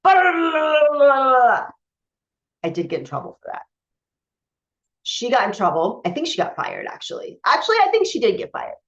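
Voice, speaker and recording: This woman's medium-pitched, slightly bright voice swoops wildly in pitch as she talks briskly. A spiritual coach, she tells a personal story to camera with candor and emphasis, using many fillers and restarts, on a dull lo-fi recording.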